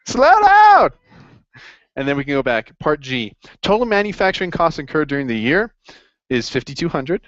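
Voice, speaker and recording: A man's voice: medium pitch, lively intonation, brisk, a bit bright, no room sound, highs cut off. A man running a casual accounting review session, upbeat and jokey as he encourages his students. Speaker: accounting tutor.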